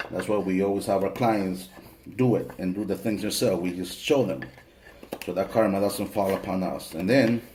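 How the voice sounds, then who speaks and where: Male practitioner, low voice, casual joking tutorial delivery with occasional swearing. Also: dark tone, slight background noise. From family from El Salvador. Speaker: spiritual practitioner teaching a ritual.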